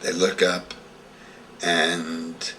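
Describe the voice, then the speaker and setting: A man's voice: deep voice, completely flat delivery, extremely slow, fairly bright tone, recorded from a distance, a little hiss or hum. An older man telling a vivid story from his past, acting out the scenes as he recalls them. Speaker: interviewee. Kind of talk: storytelling reminiscence.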